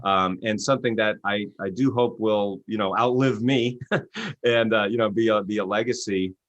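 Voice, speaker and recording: A man's voice: normal speed, no room sound, highs cut off. A man, an author and coach, telling stories in an interview and acting out quoted voices. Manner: animated, acts out quotes with rising pitch. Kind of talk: interview guest storytelling.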